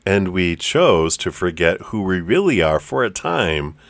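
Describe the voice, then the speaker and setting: Calm deep-voiced man guiding meditation. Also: gravelly, no room sound. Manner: calm, gentle, unhurried; loose, with fillers. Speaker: spiritual teacher. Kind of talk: guided meditation.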